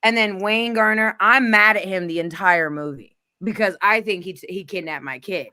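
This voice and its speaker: A woman hosting a casual chat, excitable and rambling, with lots of "like" as she talks. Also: mid-range voice, moderate pace. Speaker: host.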